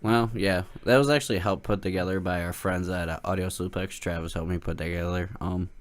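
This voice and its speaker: A man's voice: low voice, steady tone, brisk. A man co-hosting a podcast in casual chat, loose and joking, laughing often. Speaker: podcast co-host.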